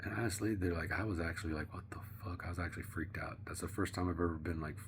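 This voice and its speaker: Deep-voiced man rambling in a vlog. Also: rapid-fire, background noise. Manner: rambling, profane, slangy, drops to a hush at times. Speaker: vlogger. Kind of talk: casual rambling monologue.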